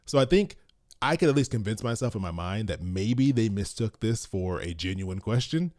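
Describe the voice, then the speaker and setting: A man's voice: fairly low pitch, expressive, normal speed, darkish tone. A man co-hosting a casual podcast chat, who explains things at length and laughs often. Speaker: co-host.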